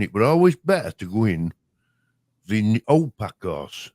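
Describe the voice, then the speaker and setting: An older man with a broad Yorkshire accent chats casually and rambles through memories as a co-host. His voice sits low and sounds dry and close, with no room around it. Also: sing-song, moderate pace, darkish tone, dry recording. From Yorkshire, England. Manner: rambling storyteller, broad dialect, chuckling. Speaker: podcast co-host. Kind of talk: casual reminiscing chat.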